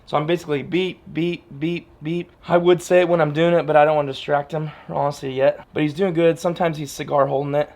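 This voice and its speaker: A man's voice: a little high, level tone, fast, few pauses, a little mellow. A man training his dog and talking plainly and straight to his viewers in a casual outdoor vlog, often repeating himself. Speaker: dog trainer, channel host.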